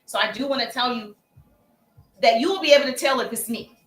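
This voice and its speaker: A woman hosts a casual live stream with sales tips, her voice high and bright. She chats with viewers, calls them baby and acts out sample messages. The room gives back a noticeable echo. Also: a little fast. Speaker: livestream host and sales coach. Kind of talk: casual livestream coaching.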